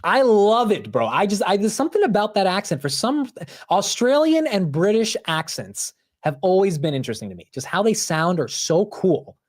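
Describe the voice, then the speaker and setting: A young man with a high voice hosts a stock market livestream, rambling casually and animatedly at a moderate pace. He says "bro" and "dude" a lot.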